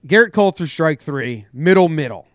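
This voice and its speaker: Animated man telling a sports story. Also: fairly high pitch, normal speed, no room sound, studio quality. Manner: animated storytelling, acts out shouted quotes. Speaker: podcast co-host. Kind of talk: casual sports chat.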